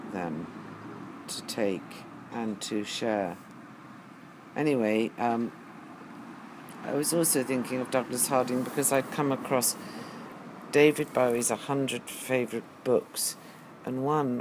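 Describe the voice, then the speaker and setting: Slow, musing man, low voice. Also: background noise. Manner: slow, musing, hesitant with many ums. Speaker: teacher. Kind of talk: reflective spoken monologue.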